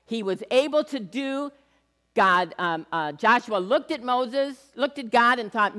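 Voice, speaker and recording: A woman preaches a lively sermon, leaning hard into the words and then dropping almost to a murmur. She acts out the voices of people she quotes. Her voice carries a long reverb, as if filling a big hall. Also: fairly high pitch, measured pace.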